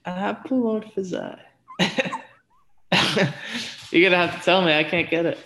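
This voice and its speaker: Lower-voiced hesitant woman guest. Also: fairly bright tone, rough recording. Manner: hesitant, laughs often, sounds words out slowly. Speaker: podcast guest. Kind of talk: casual chat.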